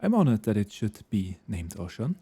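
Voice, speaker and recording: A man reading game dialogue aloud, voicing a gentle male god in mortal form with a French accent and formal, archaic, courteous speech. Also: fairly low pitch, very animated, normal speed, breathy edge. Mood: earnest.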